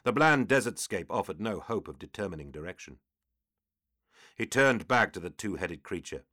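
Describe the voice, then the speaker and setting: Brief: very deep male narrator, steady scripted reading, dry close studio sound. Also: moderate pace, dry recording. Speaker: audiobook narrator.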